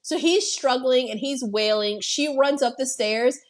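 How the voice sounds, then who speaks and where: A woman co-hosting a podcast, retelling a film scene in an animated, profane way. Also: sits high, unhurried. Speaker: podcast co-host. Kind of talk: casual film discussion.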